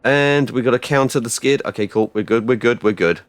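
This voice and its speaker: A man streaming a game live, rambling casually and bursting out loudly when things go right. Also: medium pitch, brisk, dry recording. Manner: rambling and excitable, with loud outbursts. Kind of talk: casual live-stream chat while gaming.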